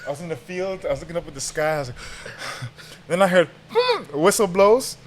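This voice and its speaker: A young man casually telling a lively football story on a podcast, full of slang, acting out what people said and often laughing. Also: on the high side, fast talker, slight background noise. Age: young adult. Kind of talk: animated storytelling, casual chat.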